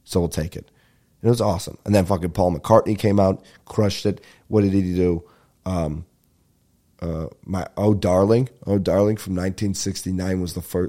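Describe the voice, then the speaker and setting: A man hosting a podcast, rambling casually and excitedly with lots of swearing, his voice stuffed up and nasal. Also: low voice. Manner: profane, excitable, breaks into bits of singing. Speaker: podcast host.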